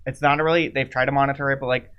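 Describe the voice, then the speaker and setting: A woman's voice: extremely low pitch, fairly even intonation, racing, clear, resonant tone, lo-fi sound. A young woman guest who works with youth, talking in a frank, casual way with many "like"s. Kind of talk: casual chat.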